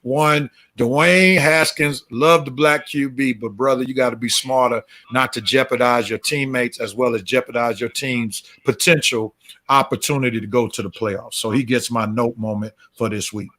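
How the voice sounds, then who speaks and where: A man's voice: medium pitch, fairly even intonation, normal speed, sharp tone. A man hosting a casual sports talk show, easygoing and passing the turn to co-hosts. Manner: easygoing, turns somber for tributes. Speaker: show host.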